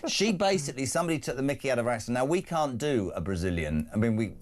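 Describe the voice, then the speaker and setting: A man's voice: medium pitch, very animated, quick pace, slight background noise. Brash, ranting male radio host. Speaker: radio breakfast show host. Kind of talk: opinionated talk radio banter.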